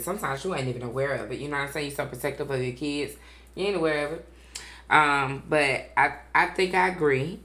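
A woman's voice: extremely low pitch, a bit bright, reverberant. A woman co-hosting a podcast in casual chat, talking in a blunt, emphatic, profane way. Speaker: podcast co-host.

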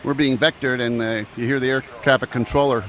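A man's voice: medium pitch, fairly even intonation, a little fast, a bit bright. A man, an airline pilot, casually telling a story and mimicking radio calls. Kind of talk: casual anecdote.

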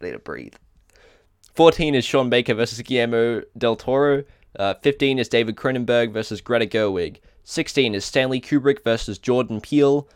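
A man's voice: mid-range voice, a little fast, hardly any pauses, smooth, no room sound, clean studio sound. A man with an Australian accent co-hosting a casual podcast, reading out a list and stumbling over hard names with small self-corrections. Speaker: podcast co-host.

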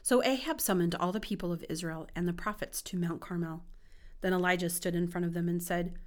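A woman reading scripture aloud in an expressive, measured way. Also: lowish voice. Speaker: Bible reader.

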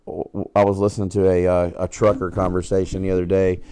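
A man's voice: sits low, monotone, quick pace, warm tone, smooth. A man co-hosting a casual podcast. He swears freely, laughs a lot and tells stories in put-on voices. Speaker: podcast co-host. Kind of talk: casual chat.

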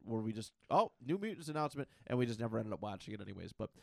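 A man's voice: lowish voice, sing-song, racing, gravelly, a little mellow, no room sound. A man co-hosting a podcast, chatting casually about comics in a thoughtful, stumbling way with restarts. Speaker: podcast co-host. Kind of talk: casual comic book chat.

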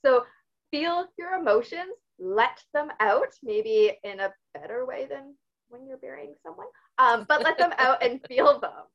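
A woman's voice: high voice, unhurried, gravelly, highs cut off. A woman guest on a podcast, speaking openly and telling personal stories with animation. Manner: open, animated storytelling. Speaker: guest, author and fitness expert. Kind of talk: podcast interview.

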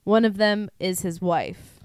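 A woman's voice: medium pitch, a little slow, smooth, no echo, clean studio sound. Profane, laughing woman telling a crime story. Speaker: podcast co-host. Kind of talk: casual true-crime chat.

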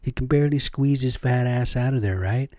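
A middle-aged podcast host rambles through a casual solo rant on his budget home setup, swearing freely and posing rhetorical questions. He talks a little fast in a warm, mid-range voice. There's no room sound, and the audio is clean, with a studio quality.

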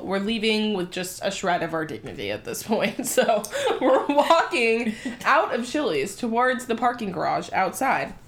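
Young woman telling a profane, animated story. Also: a little high. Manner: animated, profane, full of asides. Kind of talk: comedic storytelling.

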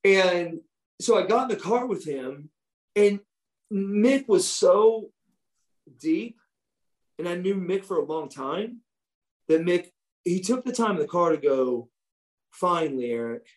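A man's voice: high-pitched, lively intonation, slow pace, pauses often, darkish tone. A man, a former wrestler, telling stories from his career in a casual chat, swearing freely and acting out what others said.

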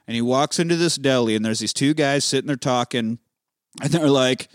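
A man's voice: mid-range voice, fairly quick, no echo, clean studio sound. A man casually recapping a film as a podcast host, swearing freely and acting out the characters' lines. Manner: profane, acts out characters' lines.

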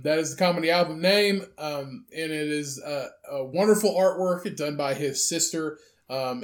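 A young man co-hosting a podcast, chatting loosely and crudely and reading news quotes with lots of fillers. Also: fairly high pitch. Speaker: podcast co-host. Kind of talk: casual podcast banter.

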